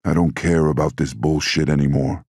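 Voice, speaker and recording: A man voicing an older male crime boss who is furious and erupts into shouting. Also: rumbling low, fairly even intonation, moderate pace, husky, no echo, clean studio sound. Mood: bitter, threatening. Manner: explosive, shouting in bursts.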